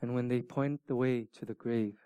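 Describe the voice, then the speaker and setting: A middle-aged man preaching a sermon, emphatic and animated at times, then dropping to soft, near-whispered words. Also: mid-range voice, normal speed, clear, resonant tone, no echo. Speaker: pastor.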